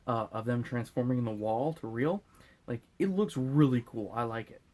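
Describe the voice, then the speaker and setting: A man's voice: mid-range voice, moderate pace, a little mellow. Drunk guy rambling thru a movie recap, crude jokes, goofy voices. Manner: rambling, crude, laughing, acting out lines in silly voices. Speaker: host.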